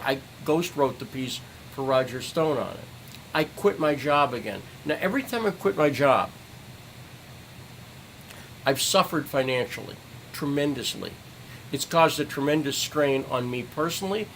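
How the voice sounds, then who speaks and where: An angry middle-aged man in a livestream rant, voice of ordinary pitch, swearing and hammering the same phrases again and again. A faint hum sits under the recording. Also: a bit bright, poor audio. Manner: furious, profane, repeats phrases for emphasis. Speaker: citizen journalist streamer.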